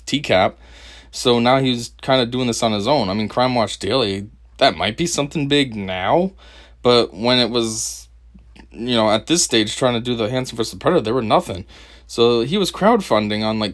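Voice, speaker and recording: A young man from Connecticut doing a mocking reaction commentary over a video, laughing often and pausing the clip to remark on it. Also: mid-range voice. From Connecticut, USA. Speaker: commentary host.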